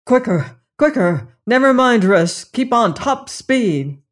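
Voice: medium pitch, measured pace, darkish tone, lightly acted. A narrator voicing an older male doctor, grave and urgent, speaking in terse exclamations in an audiobook. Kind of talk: audiobook character reading.

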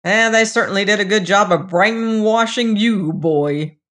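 A reader voicing a grumbling, mournful old man who talks gruffly and loudly. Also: mid-range voice, unhurried, pitched above the performer's own voice, natural voice.

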